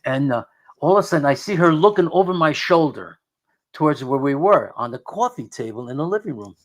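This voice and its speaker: A man's voice: on the high side, lively intonation, brisk. Rambling middle-aged male storyteller. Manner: rambling, full of restarts and quoted dialogue. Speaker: guest investigator of the unexplained. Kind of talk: telling a personal story in a radio interview.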